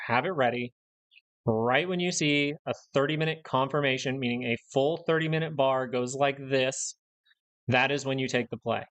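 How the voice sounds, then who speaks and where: On his live stock market stream, a young male host rants bluntly, hammering points home by repeating them. He has a medium-pitched, slightly bright voice.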